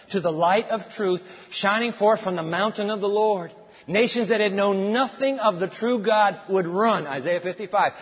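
A man's voice: high voice, breathy edge. A man preacher delivering a dramatic, storytelling sermon full of asides. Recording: dull sound with long hall reverb.

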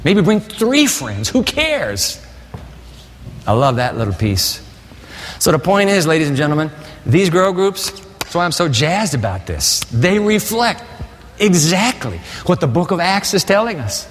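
Male pastor, fired-up exhorting sermon delivery, slightly raised pitch, reverberant sanctuary sound. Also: normal speed, a little hiss or hum. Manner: energetic, exhorting, rising to high excited peaks. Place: large church sanctuary. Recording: long reverb of a large hall.

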